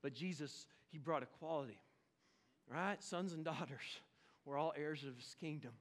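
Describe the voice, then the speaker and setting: A man from Oklahoma, preaching a lively, storytelling sermon with sudden bursts of shouting. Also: a little high, moderate pace. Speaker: pastor.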